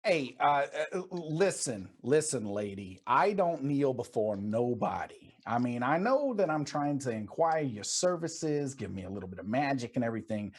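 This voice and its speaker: A defiant, streetwise gambler blusters back at authority, as a man plays him in a tabletop game. His voice sits a little low, with a tough, casual edge. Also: big pitch swings, normal speed, few pauses, breathy edge.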